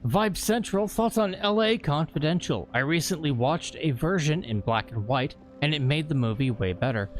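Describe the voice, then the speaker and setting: A man's voice: fairly high pitch, lively intonation, normal speed, few pauses. A man chatting casually on a game stream, joking and reading out questions. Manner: joking, reads chat questions. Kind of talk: casual live-stream chat.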